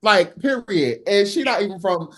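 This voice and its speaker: A man's voice: high-pitched, lively intonation, moderate pace, a bit bright. A man from New Jersey, a singer, talking casually and animatedly in an interview, with lots of fillers and restarts. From Newark, New Jersey. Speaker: guest singer.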